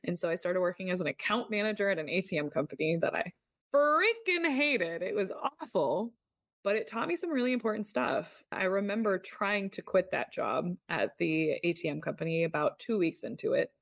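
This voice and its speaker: Podcast host, female, 30s, candid confessional storyteller, lower register, dry booth sound. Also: lively intonation, fairly quick, gravelly, no echo. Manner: candid, confessional, uses "like" often. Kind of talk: personal storytelling monologue.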